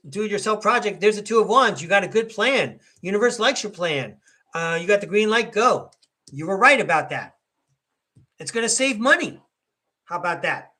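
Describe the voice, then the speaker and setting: A man's voice: high-pitched, bright, forceful tone. A middle-aged man giving a chatty, upbeat live tarot reading and speaking to viewers by name. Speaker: tarot reader hosting a live stream.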